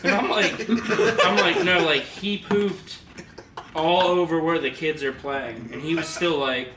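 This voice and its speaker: A man's voice: a little high, measured pace. Laughing young man telling a story, echoey. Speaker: podcast co-host. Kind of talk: casual storytelling. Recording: echoey room, far mic, background noise.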